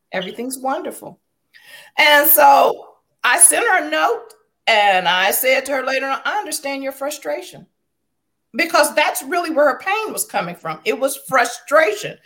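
A woman's voice: high-pitched, lively intonation, moderate pace, a bit bright. A woman educator telling a story in a panel conversation, emphatic and repeating phrases for effect. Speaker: educator and former school improvement consultant.

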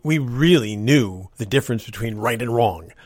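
A man's voice: medium pitch, animated, moderate pace, dry recording, clean studio sound. A man from New Jersey hosting a casual storytelling show, chatty and self-deprecating, pronouncing his words carefully and chuckling between lines. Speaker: host.

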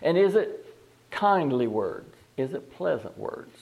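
Higher-voiced man preaching a sermon. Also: sing-song, slow, vocal fry, darkish tone. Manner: reads scripture aloud and asks the listeners questions; repeats words and restarts phrases. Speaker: pastor.

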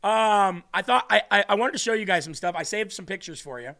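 Earnest high-voiced man hosting a faith podcast. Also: expressive, a little fast, sharp tone. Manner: earnest, emotional, reads comments aloud. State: tearing up. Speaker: podcast host. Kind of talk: reading live chat on a faith podcast.

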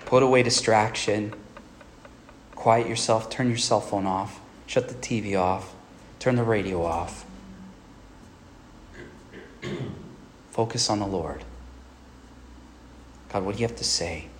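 A male pastor giving an earnest sermon who often checks in with a quick "right?". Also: fairly low pitch, a little hiss or hum.

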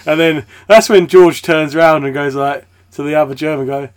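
A man's voice: a little high, moderate pace, few pauses, clean tone. A young man co-hosting a podcast, telling a story in casual chat and acting out the people he quotes. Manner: animated storyteller, acts out quoted voices. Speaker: podcast co-host.

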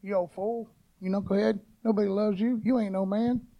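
Brief: sneering male Satan tempter, hushed and mocking, high gravelly edge, put on by a preacher. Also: steady tone, moderate pace, highs cut off. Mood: taunting.

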